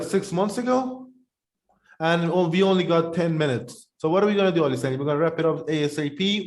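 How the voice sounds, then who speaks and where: Male podcast co-host, high-pitched, rambling casual chat. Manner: rambling, animated, talks while eating.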